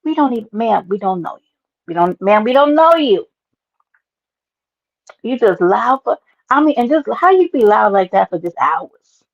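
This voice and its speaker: A woman hosting a casual livestream, talking loudly and lively to her chat, calling viewers by name and swearing freely. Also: on the high side, dull audio. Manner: loud, animated, talks to chat by name, swears. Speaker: livestream host.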